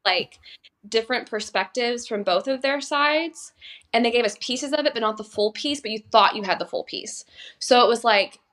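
A woman co-hosting a podcast in casual chat, animated and acting out quoted lines. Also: on the high side, normal speed. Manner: animated, acts out quoted dialogue. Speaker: podcast co-host.

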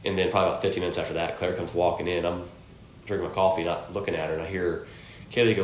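A man's voice: flat delivery, very fast. A man co-hosting a casual podcast, telling a rambling family story with lots of filler words and a cold. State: congested from a cold. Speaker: podcast co-host. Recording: echoey room, faint rumble.

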